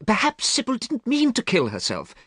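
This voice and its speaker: A man's voice: very high-pitched, wildly swooping pitch, moderate pace, sharp tone, breathy edge, no echo, clean studio sound, pitched above the performer's own voice, exaggerated voice. A man voicing a worried, earnest male painter who pleads with a friend, in a storybook reading. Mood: pleading. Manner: pleading, anxious.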